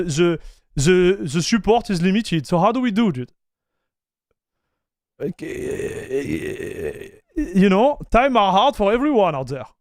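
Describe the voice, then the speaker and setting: A man, hosting a casual livestream chat, animated and stammering, calling his viewers bro and dude. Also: high voice, no echo, clean studio sound. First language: French. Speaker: livestream host.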